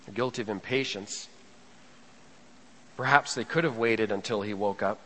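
A male pastor preaching a sermon, swinging between hushed lines and raised emphatic ones as he acts out scripture. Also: lowish voice, normal speed. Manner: rising and falling preaching delivery, quotes scripture dramatically. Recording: long reverb of a large hall.

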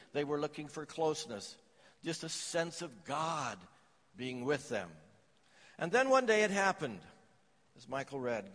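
A man's voice: fairly high pitch, fairly bright tone, big-room sound. A man preaching a sermon, telling stories and jokes to his congregation. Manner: storytelling with jokes and anecdotes. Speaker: pastor.

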